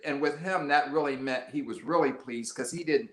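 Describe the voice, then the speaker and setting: An older man from the United States tells stories as an interview guest, his bright, forceful voice sitting at a middle pitch. He talks in a lively, rambling way, restarting and adding asides. The sound is roomy, with echo around him. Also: normal speed. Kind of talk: conversational storytelling interview.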